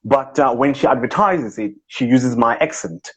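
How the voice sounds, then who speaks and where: A man's voice: mid-range voice, normal speed, husky, natural voice. A man doing a pompous, boastful rich South African businessman. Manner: boastful, self-important, deadpan. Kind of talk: comic impression on a live video chat. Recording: dull lo-fi live-stream audio.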